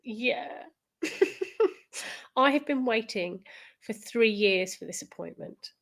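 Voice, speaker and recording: A woman's voice: fairly high pitch, lively intonation, slow pace, a bit bright. A woman with a southern English accent, co-hosting a podcast in giggly, chatty conversation. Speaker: podcast co-host. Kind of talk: casual chat.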